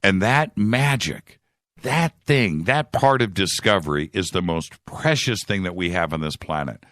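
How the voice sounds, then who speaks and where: A man hosting a radio show, speaking in a heartfelt, halting way with frequent restarts. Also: on the low side, very animated, fairly bright tone, no room sound, clean studio sound. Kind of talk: heartfelt monologue.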